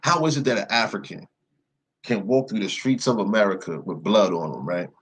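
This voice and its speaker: A young man with a lowish, husky voice speaks briskly, telling a story as a commentator in a loose, profane rant. He keeps punching his points with "yo" and "right?", and the recording sounds rough.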